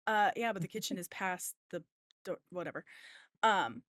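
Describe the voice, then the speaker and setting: A woman's voice: on the low side, expressive, normal speed, a bit bright, no echo, studio quality. A young adult woman co-hosting a podcast, telling a rambling ghost story in casual chat, with lots of swearing and asides. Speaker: podcast co-host.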